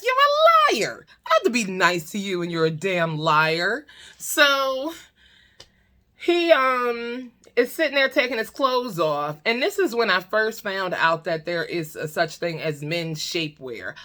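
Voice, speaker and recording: A woman telling a comic storytime to her camera, animated and blunt, laughing often. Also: medium pitch. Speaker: storytime vlogger. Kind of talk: casual comedic storytime. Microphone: talking to her own camera.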